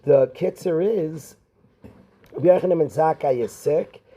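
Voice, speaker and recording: A middle-aged rabbi, teaching a class of students and calling on them by name with questions. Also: male voice, a little high, measured pace, mellow, breathy edge, low-quality recording. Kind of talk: Torah class.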